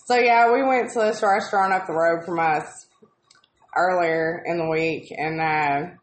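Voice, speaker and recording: A woman's voice: fairly low pitch, unhurried. A woman, telling stories in a casual chat, swearing constantly and ranting in exasperation. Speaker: co-host of a live video chat. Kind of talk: casual profane storytelling. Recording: roomy echo.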